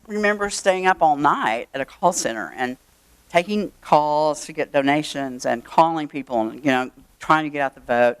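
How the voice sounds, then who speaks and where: An older woman with a drawl tells a personal story before a live audience, chatty and full of wry asides. Her voice is smooth and clear, with a dry, close sound. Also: low-pitched, no room sound. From Texas. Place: event room.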